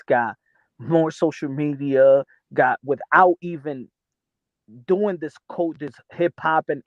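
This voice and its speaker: A man with a New York accent holds forth in a heated boxing debate, his voice sitting slightly high. He presses insistently and stacks repeated words to win the argument. The sound is dry and somewhat muffled. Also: no echo. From New York City. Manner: insistent, talks over others, repeats words. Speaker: boxing commentator.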